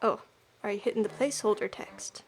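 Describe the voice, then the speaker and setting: A woman's voice: mid-range voice, fairly quick, gravelly, a little hiss or hum. A young adult woman streaming a game, chatting casually and poking fun at her own attempts at voices. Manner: self-deprecating and chatty.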